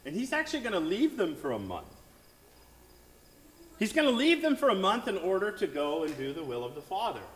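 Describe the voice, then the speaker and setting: A man, the pastor, preaches in a conversational way with a fairly high, animated voice that rises and falls often. His words ring through a large, reverberant sanctuary. He keeps checking in with the listeners. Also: a little hiss or hum. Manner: conversational preaching with frequent "right?" asides. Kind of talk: sermon. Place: church sanctuary.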